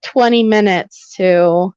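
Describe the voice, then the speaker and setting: Brief: young female stream host, smooth voice, rambling chat, dry lo-fi sound. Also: mid-range voice, slow, a little mellow, no room sound. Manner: chatty, rambling with many fillers. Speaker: livestream host. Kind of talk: casual livestream chat. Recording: slightly dull lo-fi audio.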